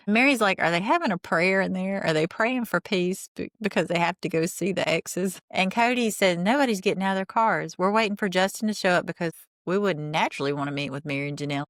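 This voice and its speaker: A woman's voice: on the low side, no echo, clean studio sound. A woman podcast host recapping a reality show in casual commentary, blunt and exasperated, swearing freely.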